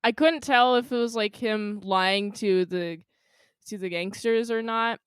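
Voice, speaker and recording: A woman talks casually about a movie she watched, bouncing between her own take and little acted-out bits of dialogue. Her voice is smooth and clear, recorded close and dry. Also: mid-range voice, measured pace, dry recording. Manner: animated, acts out characters' lines in quotes. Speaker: podcast guest. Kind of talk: casual film discussion.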